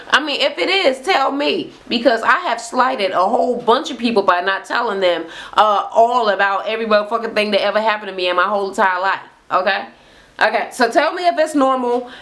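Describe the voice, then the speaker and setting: A woman's voice: medium pitch, a bit bright. Woman vlogger, blunt and profane, sarcastic recap rant with rhetorical questions.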